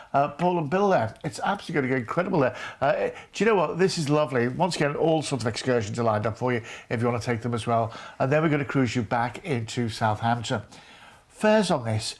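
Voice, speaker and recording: Gushing man selling cruises. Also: fairly high pitch. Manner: gushing, repeats prices and phone number. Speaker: TV shopping presenter. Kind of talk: live sales pitch.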